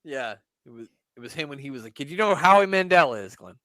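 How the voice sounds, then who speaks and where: A man's voice: fairly high pitch, animated, fast, fairly bright tone. A man co-hosting a podcast, chatting casually and joking while commenting on an old wrestling show. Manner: jokey, playful, laughs often. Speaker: podcast co-host.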